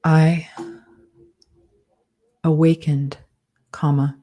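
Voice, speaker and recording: Slow low-voiced woman dictating aloud. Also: little pitch movement, warm tone. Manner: slow, measured, speaking punctuation aloud. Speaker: author dictating a novel. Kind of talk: live dictation of fiction with spoken punctuation.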